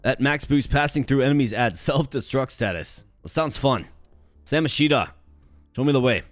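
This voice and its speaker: A man's voice: medium pitch, moderate pace, no echo, soft background music. A man from Minnesota, hosting a gaming channel, giving chatty, upbeat, slang-filled commentary while he plays. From Minnesota, USA. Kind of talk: casual gameplay commentary.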